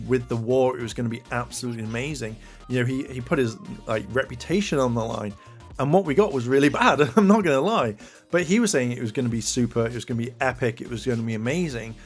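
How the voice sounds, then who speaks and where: Man ranting casually with music behind. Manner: rambling, many fillers, rises in pitch when exasperated. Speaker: commentary channel host. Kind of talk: casual opinion commentary.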